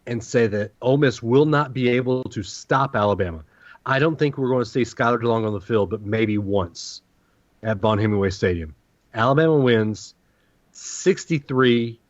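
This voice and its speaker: A man's voice: mid-range voice, normal speed, pauses often, dry recording. Southern US man, podcast co-host, confident analytical picks, dry slightly muffled mic. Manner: confident, analytical game predictions. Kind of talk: casual sports chat.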